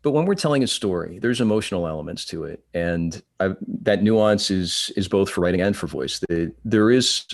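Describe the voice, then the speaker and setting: A man with a low-pitched voice talks on a podcast panel. His delivery is animated, rising and falling widely as he makes his case, with quick jokes in passing. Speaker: panel guest, describer and voiceover artist. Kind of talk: panel discussion on a live podcast.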